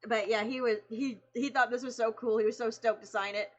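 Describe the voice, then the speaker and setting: A woman streamer excitedly telling a story in casual chat, laughing, swearing and acting out the people she quotes. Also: fairly high pitch, a little fast, muffled recording.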